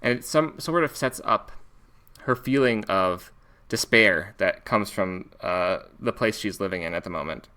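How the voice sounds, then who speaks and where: A man with an American accent from Alaska talks through a book and its film adaptation in a casual, thinking-aloud way. His voice sits fairly low but has a bright, forceful edge, and he often restarts his phrases. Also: unhurried. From Alaska, United States. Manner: thoughtful, restarts and fillers, reads passages aloud. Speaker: book reviewer. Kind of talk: casual spoken book review.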